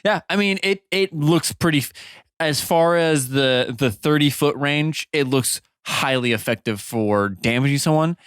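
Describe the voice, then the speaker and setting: Joking male tabletop player, slightly higher voice, dry close sound. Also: a bit bright, clear, resonant tone, no room sound. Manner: joking, with restarts and quick laughs. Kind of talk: tabletop game chat.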